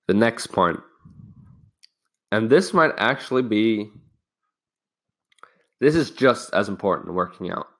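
A young podcast host with a lowish voice and lively intonation speaks at a slow pace, leaving long pauses. He's telling a personal story on his casual self-help show, openly and with some swearing. His rambling phrasing keeps restarting.

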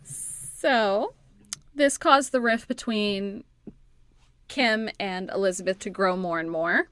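A woman's voice: medium pitch, slow, a bit bright, smooth. A woman co-hosting a podcast, reading a true crime story with teasing, profane banter and frequent laughs. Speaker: podcast co-host.

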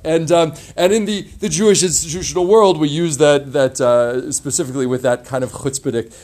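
A man teaching an informal class on a religious text, talking in a halting, chatty way with many restarts. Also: on the high side, darkish tone. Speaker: teacher leading a Mishnah class.

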